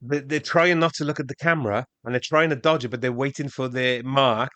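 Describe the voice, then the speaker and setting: A man co-hosting a podcast, chatting about a film in a relaxed, amused way with frequent fillers. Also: medium pitch, fairly quick, dry recording. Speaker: podcast co-host. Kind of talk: casual film-review chat.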